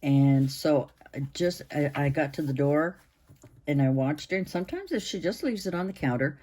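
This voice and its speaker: A woman in her sixties hosting her own channel, chatting to camera in a rambling way with pauses and restarts, her voice hoarse and interrupted by coughs. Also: sits low, animated, dark tone. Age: 60s. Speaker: channel host. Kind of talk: casual chat to camera.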